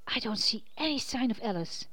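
A woman's voice: fairly high pitch, animated, fairly quick, bright, forceful tone, no room sound. A woman doing Norma, a kind young witch. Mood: gentle.

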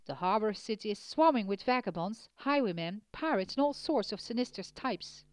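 A woman reading a storybook voices a polite male coachman who speaks in a measured, courteous way. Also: mid-range voice, lively intonation, dry recording, lightly acted. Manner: polite and measured, quietly warning.

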